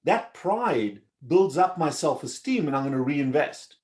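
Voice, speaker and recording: A man's voice: fairly high pitch, animated, a little slow, darkish tone. A middle-aged man speaking as a doctor guest in an interview, earnest and explaining his points at length. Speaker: surgeon guest. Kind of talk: conversational interview.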